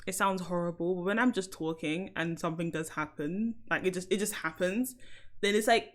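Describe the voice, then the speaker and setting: A woman's voice: fairly low pitch, normal speed. A young woman with an English accent chatting playfully on a live stream, often laughing and repeating herself. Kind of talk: casual live-stream chat.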